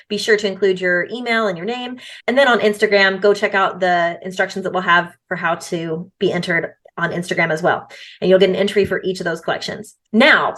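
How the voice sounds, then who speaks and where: A woman's voice: mid-range voice, a bit bright. A woman in her thirties co-hosting a podcast, talking casually and upbeat. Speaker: podcast co-host.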